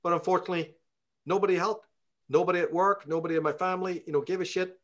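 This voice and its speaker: A man's voice: sits high, fairly even intonation, quick pace, a bit bright. Fiery Belfast-accented man, swearing. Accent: Northern Irish (Belfast). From Belfast, Northern Ireland. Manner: profane, heated ranting. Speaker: interviewee. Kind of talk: casual storytelling.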